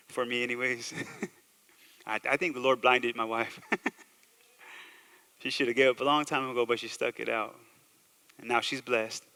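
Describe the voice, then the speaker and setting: A man preaching a sermon as pastor, swinging between loud emphasis and quiet asides, joking with the congregation. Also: medium pitch, fairly even intonation, measured pace, long pauses. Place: church sanctuary. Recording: long hall reverb.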